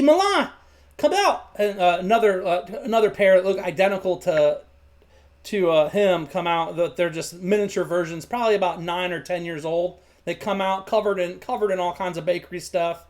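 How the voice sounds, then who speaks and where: Rambling game master, plenty of restarts. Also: male voice, sits high, steady tone, brisk, a little mellow. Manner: rambling, many fillers and restarts. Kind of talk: narrating a tabletop game.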